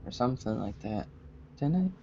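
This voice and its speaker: A man's voice: medium pitch, lively intonation, normal speed, gravelly, dark tone, lo-fi sound. A man playing a tabletop game, rambling and joking about himself. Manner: rambling, self-mocking. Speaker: player. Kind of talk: casual table banter.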